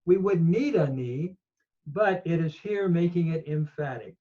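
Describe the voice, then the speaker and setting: A man teaching Hebrew grammar in a slow lecture, reading verses aloud and then explaining their forms step by step. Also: a little high, expressive, warm tone. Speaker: Bible teacher. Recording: slightly dull lo-fi audio.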